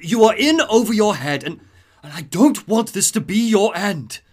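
A man voicing an elderly male butler who pleads urgently, his voice raised and pitched up. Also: lively intonation, moderate pace. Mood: pleading.

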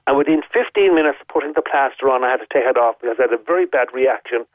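A man's voice: medium pitch, racing, no room sound. Irish man telling a story down a tinny phone line. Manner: vivid, detailed storytelling with emphatic repetition. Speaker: caller. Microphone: telephone.

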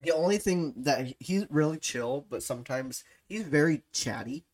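A speaker chatting casually on a livestream podcast, halting and filler-heavy, laughing often. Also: medium pitch, a little mellow. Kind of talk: casual chat.

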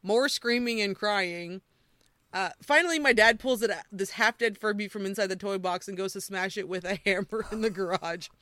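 A woman hosting a podcast, chatting casually and reading creepy stories aloud with animated quoting. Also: medium pitch, normal speed, no room sound, clean studio sound. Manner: animated storyteller, quoting with voices. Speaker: podcast host.

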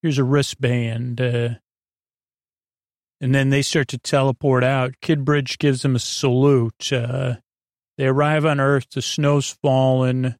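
A man's voice: mid-range voice, little pitch movement, dry recording, clean studio sound. A man hosting a podcast, rambling through a sleepy episode recap with lots of fillers. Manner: rambling, halting with many fillers; loosely quotes characters without doing voices. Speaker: podcast host.

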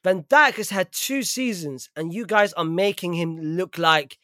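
A man's voice: high voice, a little slow, bright, forceful tone, dry recording, clean studio sound. A man in a heated casual podcast debate, insistent and argumentative, repeating his points. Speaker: podcast panelist, Real Madrid fan.

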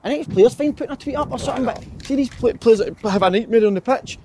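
A footballer giving quick, blunt opinions in casual chat. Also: male voice, extremely high pitch, a loud crowd.

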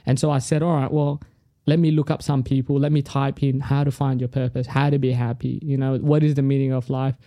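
Comedian guy telling a story on a podcast, deep mellow voice, animated, dry close sound. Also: a little fast, few pauses, dry recording. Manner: animated storyteller who acts out other people's lines. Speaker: comedian guest. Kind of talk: casual storytelling.

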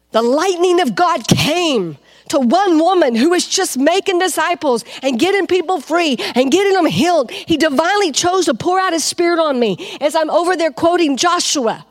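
A woman preaching a fervent sermon to a congregation, asking them questions and rising to loud cries. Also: high-pitched, lively intonation, moderate pace. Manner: asks the crowd questions.

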